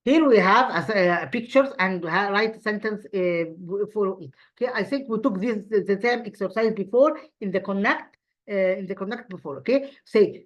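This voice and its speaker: A woman whose first language is Arabic teaches an English grammar lesson in a medium-pitched voice. She repeats model sentences slowly, with frequent fillers and restarts.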